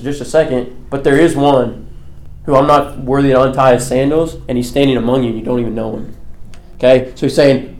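A man leading a Bible study class in a relaxed way, often checking in with "okay" and asking his listeners questions. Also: mid-range voice. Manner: conversational, asks questions, often says "okay". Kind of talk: casual classroom teaching. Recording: echoey room.

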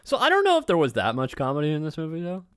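A man co-hosting a casual chat about a film, animated and quick to laugh. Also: on the high side, no echo, studio quality. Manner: animated, laughs often, does playful impressions. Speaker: podcast co-host.

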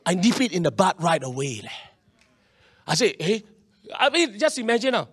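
High-voiced pastor preaching. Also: male voice, brisk, slightly rough. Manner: animated, acts out quoted voices, swings between loud and quiet. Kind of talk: sermon.

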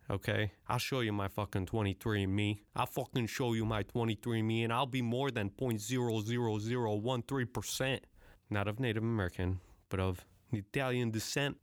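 Low-voiced guy rambling and cursing, dry close sound. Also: fairly even intonation, moderate pace, no echo. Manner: profane, rambling, joking. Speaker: vlogger. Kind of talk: casual chat.

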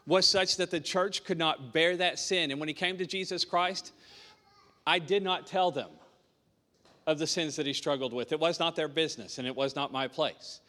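A man's voice: high voice, sharp tone, long reverb tail. A man preaching to a small congregation, telling his own story in an earnest way and repeating his key points. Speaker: pastor. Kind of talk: sermon testimony.

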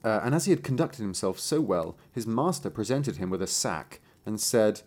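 A man reads an old fairy tale aloud in a relaxed, joking way. His pitch swings widely as he plays with character voices and breaks into laughter. The tone stays casual and friendly. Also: moderate pace. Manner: lively, playful, putting on voices for the characters and laughing often.

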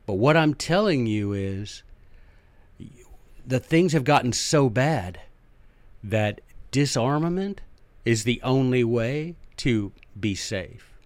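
A man's voice: medium pitch, lively intonation, slow pace, no echo. A man hosting a podcast, telling a history story in a casual, chatty way with joking asides and acted-out characters. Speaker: podcast host.

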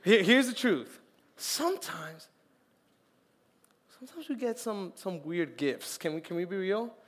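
A young man preaching a sermon as youth pastor, lively and joking, acting out little quotes. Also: sits high, unhurried. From Colombian family, raised in Florida.

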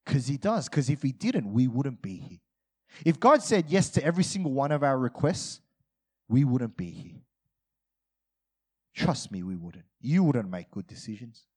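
A man's voice: mid-range voice, big pitch swings, normal speed, slightly rough. A man in his thirties preaching a sermon in a conversational way, often asking his listeners questions. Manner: conversational, asks the audience questions. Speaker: pastor.

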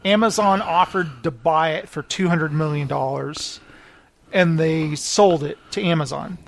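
A man hosting a podcast in casual chat, an animated, rambling storyteller who laughs often. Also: on the high side, a little slow, vocal fry. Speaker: podcast host.

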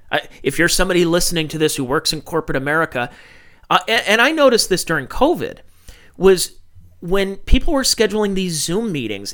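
A man's voice: on the high side, fairly bright tone. A man in his thirties hosting a solo podcast, rambling, swearing freely and correcting himself as he talks. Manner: rambling, profane, corrects himself mid-thought. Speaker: podcast host.

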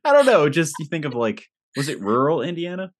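A woman's voice: low voice, sing-song, brisk. A woman hosting a podcast, reacting eagerly to her guest with frequent laughter. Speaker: podcast host. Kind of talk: casual interview chat.

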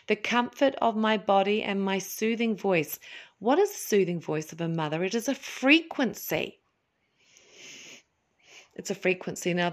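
A woman hosting a spiritual talk, speaking in a gentle, slow, soothing way and now and then acting out little voices to make her point. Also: medium pitch. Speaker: podcast host.

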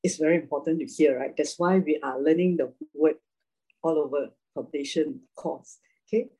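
Husky-voiced woman teaching a Bible class. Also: low voice, normal speed, dark tone, poor audio. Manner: chatty, laughs often, keeps asking "right?".

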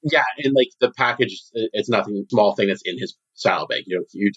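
Man, game master, low voice, relaxed and chatty, dull lo-fi recording. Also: a little fast, husky. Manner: relaxed, laughing, lots of fillers. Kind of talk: casual tabletop game chat.

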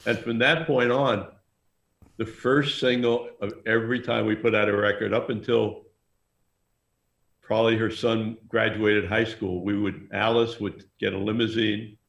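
Casting: low gravelly male storyteller, rambling anecdotes, roomy echo. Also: little pitch movement, measured pace, a bit bright. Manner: rambling, anecdotal, laughs often. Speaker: music manager guest. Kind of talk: casual storytelling interview.

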